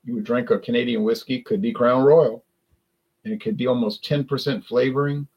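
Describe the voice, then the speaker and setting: Rambling South Louisiana man, husky. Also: medium pitch, steady tone, fairly quick, muffled recording. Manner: rambling, with frequent restarts and self-corrections. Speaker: drinks reviewer hosting a live stream. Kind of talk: casual live-stream chat.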